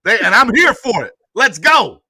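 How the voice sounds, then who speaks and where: Male podcast host, casual slangy sports chatter, bright tone, dry close sound. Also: very high-pitched, normal speed, husky, no room sound. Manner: animated, slangy, begs viewers for likes. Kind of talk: casual sports talk livestream.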